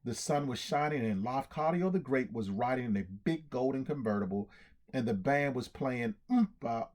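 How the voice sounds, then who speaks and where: A man reading a storybook aloud in an animated way, acting out cheers and sound effects. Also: medium pitch, normal speed.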